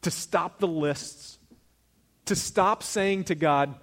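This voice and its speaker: A man preaching from the pulpit, his voice sitting a little higher than most men's. He speaks to the congregation like he is talking to each of them, pressing hard on key points and then dropping to almost a murmur. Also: slow pace. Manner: conversational preaching, swings from loud emphasis to hushed asides. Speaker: pastor. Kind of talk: sermon. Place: church sanctuary.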